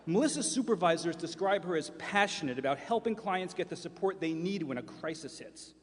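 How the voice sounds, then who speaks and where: Man, 50s, formal podium speech, emphatic, slightly high-pitched, reverberant large hall. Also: expressive. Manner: measured, emphatic oratory with repeated lines. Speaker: county chairman giving a state-of-the-county speech. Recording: long hall reverb from a public forum.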